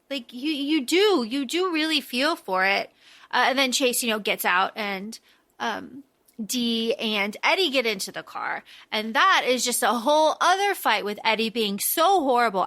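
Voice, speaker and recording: Bubbly lady podcaster gushing about a movie, bright tone. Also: on the high side. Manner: enthusiastic, laughing, retells scenes in quoted voices. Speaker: podcast co-host. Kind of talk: casual movie recap chat.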